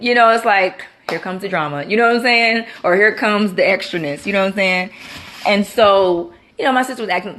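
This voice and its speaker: A young woman telling a personal faith story in casual talk, full of "you know" and acted-out quotes. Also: a bit bright. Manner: conversational, many fillers like "you know"; acts out quoted lines with big pitch jumps. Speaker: Christian vlogger. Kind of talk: casual testimony.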